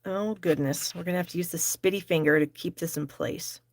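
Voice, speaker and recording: A woman's voice: fairly low pitch, a little fast, no echo. A middle-aged woman hosting a live card-stamping class, chatty and self-deprecating as she talks herself through each step. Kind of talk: live crafting demonstration.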